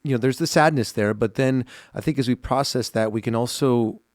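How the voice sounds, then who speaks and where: A man's voice: mid-range voice, brisk, no echo. A man in his thirties co-hosting a podcast, chatting casually and reflectively with lots of fillers in a small studio. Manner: reflective, soft-spoken, many fillers. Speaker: podcast co-host.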